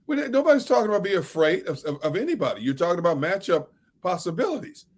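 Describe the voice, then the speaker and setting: A man co-hosting a sports talk show, pushing back on his guest with calm, teasing questions. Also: high voice. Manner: measured, needling, teasing questions.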